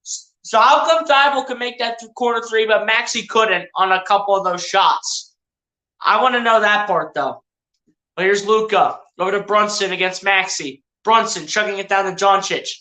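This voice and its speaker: Bright, chatty play-by-play streamer in an echoey room. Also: mid-range voice, moderate pace. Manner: chatty, addresses players and viewers directly, self-correcting. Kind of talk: casual live play-by-play commentary.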